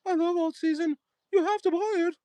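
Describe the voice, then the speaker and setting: A man imitating a fellow crypto streamer as a shrill old-lady-voiced man, gushing over coins in a breathless falsetto. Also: fairly even intonation, brisk, darkish tone, no room sound.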